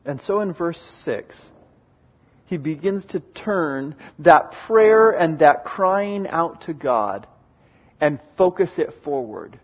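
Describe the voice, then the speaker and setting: High-voiced man preaching an animated sermon. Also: lo-fi sound. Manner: animated, acts out characters in quick bursts. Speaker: pastor. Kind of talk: sermon storytelling.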